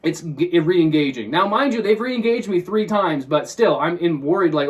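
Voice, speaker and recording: A man's voice: high voice, recorded from a distance. A man telling a personal story in a casual vlog, swearing freely and acting out his own inner thoughts as he talks. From Washington State, US. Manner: fast, profane, animated retelling with quoted inner thoughts. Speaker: vlogger.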